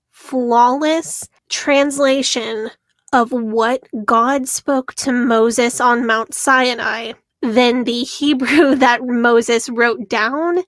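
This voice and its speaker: Lively, upbeat woman podcaster. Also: a little high, no echo. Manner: lively storytelling, laughing often while reading out quotes. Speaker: podcast co-host. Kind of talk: casual podcast chat.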